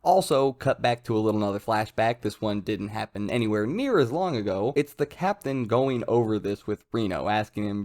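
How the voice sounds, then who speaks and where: A man's voice: fairly low pitch, a little fast, few pauses. A young man talking casually and enthusiastically as he reviews a manga chapter. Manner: enthusiastic, conversational, loud jumps when excited.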